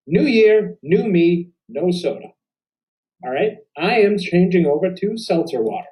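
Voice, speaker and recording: A man's voice: high-pitched, lively intonation, measured pace, warm tone, low-quality recording. A man teaching an acting lesson to students on video, upbeat and playful as he coaches and performs a sample monologue.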